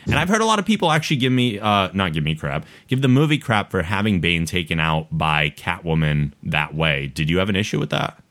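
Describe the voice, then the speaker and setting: A man with a very deep voice hosts a laid-back podcast. He talks in a relaxed, conversational way, breaks into a chuckle now and then, and reads listener mail aloud. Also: brisk, few pauses. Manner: relaxed, conversational, laughs between points. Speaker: podcast host. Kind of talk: casual podcast chat, reading listener email.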